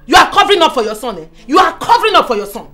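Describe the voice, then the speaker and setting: A middle-aged woman with a Nigerian accent playing a fiery mother from Edo who scolds loudly and confronts others. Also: high-pitched, sing-song, very fast, full character voice. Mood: scolding. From Nigeria, Edo (Bini). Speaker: mother of a pregnant daughter. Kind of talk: Nollywood film acting.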